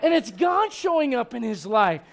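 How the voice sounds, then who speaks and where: Pastor, male, very high voice, lively sermon that swings from soft asides to shouting. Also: moderate pace, vocal fry, a faint crowd. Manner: animated preaching, swings from quiet asides to shouted emphasis; conversational, laughs with the congregation.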